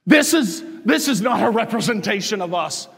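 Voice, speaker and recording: Male priest, high-pitched, angry emphatic homily, long church echo. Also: animated, moderate pace, vocal fry, a bit bright, slightly rough. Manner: impassioned, scolding, emphatic preaching. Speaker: Catholic parish priest. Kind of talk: sermon.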